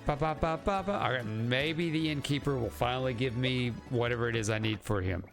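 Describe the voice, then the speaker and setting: Dude streaming a game, mid pitch, cussing, laid back and self-mocking. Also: male voice, brisk, music in the background. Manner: casual, swearing, self-mocking. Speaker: streamer playing a video game. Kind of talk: casual gameplay commentary.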